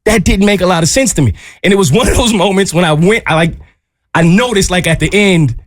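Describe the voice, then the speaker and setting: A young man co-hosting a radio show, telling a story in an animated way and acting out the quotes with lots of laughter. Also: sits high, a little fast, dry recording, clean studio sound. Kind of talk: casual radio chat, storytelling.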